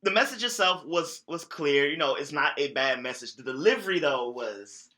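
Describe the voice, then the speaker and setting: A man co-hosting a casual gaming podcast, earnest and relaxed, leaning on "you know" and "like". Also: a little high, normal speed. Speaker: podcast co-host. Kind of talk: casual chat.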